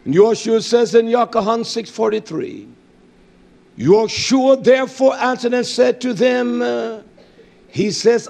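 A man preaching a fervent sermon, reading scripture with lots of fillers and hallelujahs. His voice sits high and carries a gravelly, husky edge. He swings between loud declarations and low mutters. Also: takes it slowly. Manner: reads scripture aloud with many fillers and hallelujahs.

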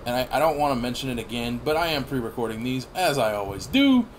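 A man in his thirties giving rambling, profane gameplay commentary with sudden excited outbursts. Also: medium pitch, quick pace, a little hiss or hum. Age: 30s. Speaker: gaming channel host.

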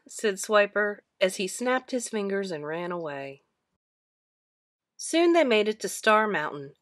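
A woman reads a children's picture book aloud in a storybook style. Her pitch rises and falls a lot as she shifts into the characters' voices. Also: a little slow. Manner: lively, expressive character voices.

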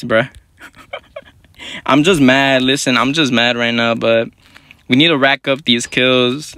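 A young man giving live gameplay commentary in quick, slangy, profane banter as a gaming YouTuber. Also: medium pitch, pushed and bright, clear, resonant tone.

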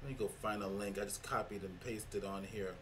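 A man's voice: fairly low pitch, fairly even intonation, fairly quick. Easygoing man hosting an online meetup. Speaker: meeting host. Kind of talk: casual online meetup chat. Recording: distant mic with faint noise.

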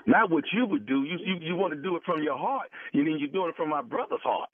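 A man's voice: on the high side, animated, quick pace. A man making a radio prank phone call, talking in a pushy, overwrought pleading way. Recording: tinny phone line.

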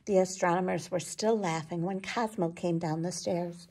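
A woman reading a children's picture book aloud, expressive and unhurried. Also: on the low side, slight background noise. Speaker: children's storyteller.

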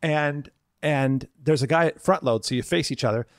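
A man's voice: fairly high pitch, normal speed, no room sound, clean studio sound. A man co-hosting a podcast, telling stories in a casual chat and acting out the people he quotes. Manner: storytelling, acts out quoted people in lively voices. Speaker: podcast co-host.

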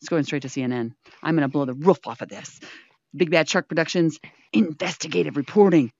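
A woman's voice: sits low, a little fast, darkish tone, dry recording, highs cut off. A woman hosting a casual VR chat show, teasing her guests with theatrical mock outrage and cooing baby talk. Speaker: show host. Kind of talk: playful improvised VR chat banter.

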